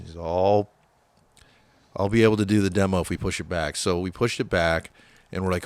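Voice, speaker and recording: A man's voice: deep voice, steady tone, a little fast, clean tone, no echo. A man telling a long rambling story in a casual interview, swearing freely and acting out what people said. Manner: profane, rambling, acts out quoted dialogue. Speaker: guest musician.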